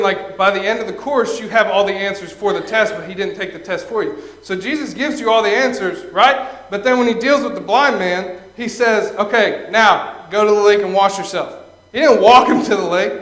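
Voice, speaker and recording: Young man, stand-up comic, high-pitched voice, chatty, chuckles at own jokes, acts out characters, echoey room. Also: normal speed, fairly bright tone. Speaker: stand-up comedian. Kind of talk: Christian stand-up comedy.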